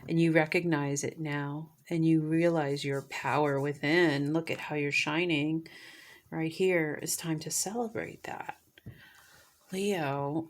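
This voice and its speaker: Woman doing a tarot reading, kinda low voice, gushy, slips into whispers here and there. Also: fairly even intonation, slow. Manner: gushing, drifts into soft whispers. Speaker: tarot reader.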